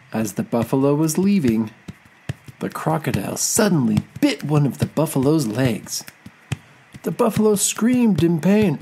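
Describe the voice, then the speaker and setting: A storyteller reading a children's folk tale aloud in a slow, expressive way. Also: mid-range voice, slight background noise, poor audio.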